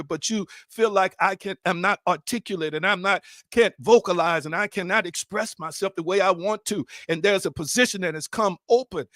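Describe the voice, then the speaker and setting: A man preaching a sermon, hammering the same rhetorical questions over and over and now and then rising to a shout. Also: high voice, no room sound, clean studio sound.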